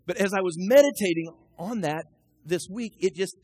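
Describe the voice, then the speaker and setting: A man preaching a sermon as a pastor, impassioned, swinging from shouts down to low, quiet passages. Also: moderate pace, husky, no room sound, poor audio.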